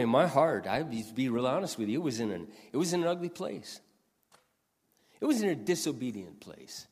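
Pastor, man, 60s, earnest emphatic sermon, animated pitch, long hall reverb. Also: moderate pace, husky. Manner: earnest, emphatic, repeats lines for stress.

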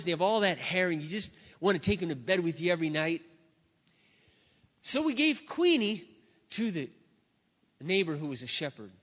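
Animated storytelling pastor in a reverberant hall. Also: male voice, fairly high pitch. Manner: animated storyteller, acts out barking and shouting. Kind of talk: sermon storytelling. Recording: dull sound with long hall reverb.

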